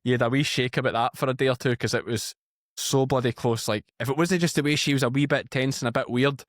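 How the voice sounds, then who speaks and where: A man's voice: medium pitch, quick pace, no echo, clean studio sound. Scottish man telling blunt stories. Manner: storytelling, animated and blunt. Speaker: podcast guest, farmer and former police officer. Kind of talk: casual chat.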